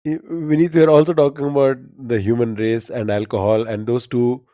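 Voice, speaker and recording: Male trivia co-host, relaxed and chuckling, warm tone, dry close sound. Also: mid-range voice, moderate pace, no room sound. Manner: laughs often, easygoing. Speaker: podcast co-host. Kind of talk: casual trivia chat.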